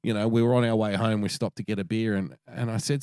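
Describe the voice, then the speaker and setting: A man's voice: medium pitch, brisk, hardly any pauses, dry recording, studio quality. A man with an Australian accent, co-hosting a podcast, swearing freely while telling a story in casual chat. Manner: swears a lot, animated storytelling. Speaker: podcast co-host.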